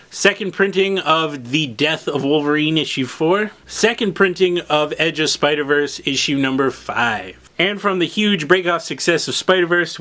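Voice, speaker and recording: A man hosting a casual unboxing video, chatty and excitable, talking straight to his viewers. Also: a little high. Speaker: comic shop host.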